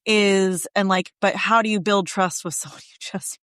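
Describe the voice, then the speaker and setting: A woman guest on a podcast, talking in a loose, candid way with plenty of swearing and lively tangents. Her voice sits at an ordinary middle pitch. The sound is close and dry, with no room around it. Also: normal speed, no room sound. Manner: candid and animated, swears freely. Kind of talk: casual podcast conversation.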